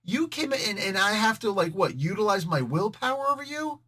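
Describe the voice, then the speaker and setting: A man's voice: sits high, big pitch swings, brisk, pushed and bright, breathy edge, pitched above the performer's own voice, full character voice. A man voicing a cocky, tough male superhero who talks with streetwise swagger.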